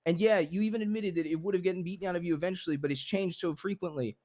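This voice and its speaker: A man's voice: high-pitched, rapid-fire, a little mellow. A man playing a blunt, devoted husband who pleads earnestly and repeats himself as he comforts his wife in a game role-play. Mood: pleading.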